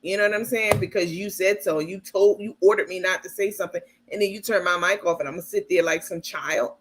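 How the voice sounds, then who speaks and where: A livestream host with a fairly low-pitched voice talks fairly quickly, bluntly commenting in a casual way with occasional profanity. In asides she calls her audience "baby" and "you guys."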